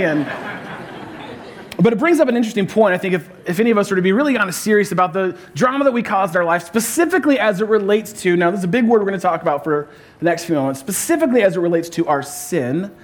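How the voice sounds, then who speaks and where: A man preaching a sermon as a pastor, telling stories in a humorous, conversational way. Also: high-pitched.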